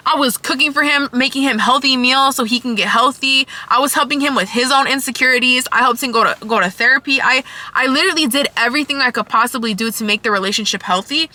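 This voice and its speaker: A young woman's high, bright voice tells her story to the camera. She talks in heated, emphatic bursts and swears freely, with a sharp edge to her tone. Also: fast, no room sound. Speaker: vlogger. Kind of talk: storytime vlog.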